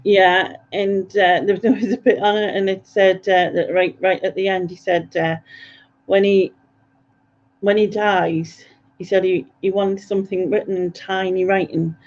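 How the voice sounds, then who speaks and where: A man's voice: high-pitched, little pitch movement, a little slow. Hesitant man on a muffled call. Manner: hesitant, lots of fillers. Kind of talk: casual chat. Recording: dull lo-fi call audio.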